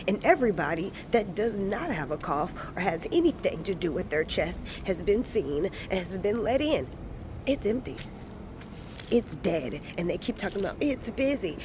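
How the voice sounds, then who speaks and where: A woman's voice: mid-range voice, background noise. A woman vlogger ranting angrily in a hospital emergency waiting room, cursing and venting, recorded on a phone. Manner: furious, profane, venting. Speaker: travel vlogger. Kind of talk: angry vlog rant.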